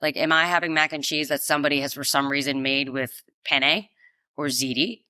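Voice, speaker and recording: A woman co-hosting a podcast with a bright, crisp voice, recorded close and dry. She chats in a playful, animated way and reads debate topics from her notes. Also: deep voice, fairly quick, dry recording. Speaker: podcast co-host. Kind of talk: casual chat.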